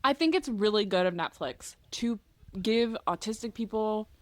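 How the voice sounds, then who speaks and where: A woman, co-hosting a podcast in casual chat, playful and animated as she tells stories with quick asides. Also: medium pitch, no room sound. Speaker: podcast co-host.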